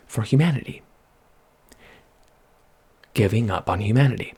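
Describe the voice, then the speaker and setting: A man rambling in soft-spoken ASMR chat at a close microphone, drifting from hushed murmurs to excited outbursts. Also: fairly low pitch, moderate pace, long pauses, husky. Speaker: vlogger.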